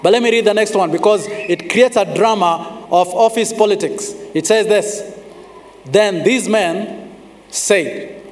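A man preaching a sermon. He is emphatic, slows down on scripture and calls on the congregation to respond. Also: high-pitched. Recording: long reverb of a large hall.

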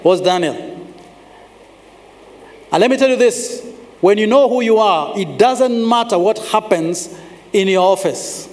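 A man preaching a sermon. He is emphatic, slows down on scripture and calls on the congregation to respond. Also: high-pitched, darkish tone. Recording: long reverb of a large hall.

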